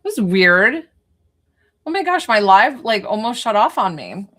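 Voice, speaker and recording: A woman's voice: mid-range voice, sing-song, measured pace, fairly bright tone. A woman spiritual medium giving a live-streamed reading, talking in a chatty, informal way that wanders off to side matters. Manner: chatty, informal, easily sidetracked.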